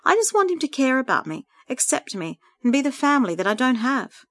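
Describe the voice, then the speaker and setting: A woman's voice: on the high side, big pitch swings, normal speed, a bit bright, voice pushed up. A woman reading a story aloud, voicing a lonely grieving woman who talks through tears in anguish. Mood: tearful. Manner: tearful, anguished pleading.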